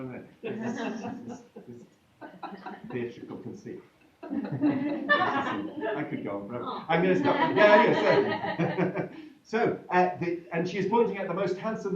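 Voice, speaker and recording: A man's voice: on the high side, lively intonation, moderate pace, slight background noise. A man telling a comic folk tale live to an audience, playful and chatty, breaking off to joke with the listeners. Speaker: storyteller. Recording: echoey room from far, dull sound with faint music.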